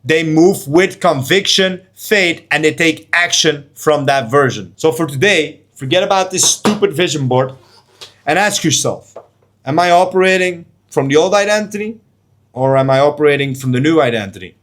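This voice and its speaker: A man's voice: on the high side, animated, normal speed, a bit bright. A man coaching to camera in an intense, preachy motivational monologue, blunt, with casual slang and swearing. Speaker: life and trading coach.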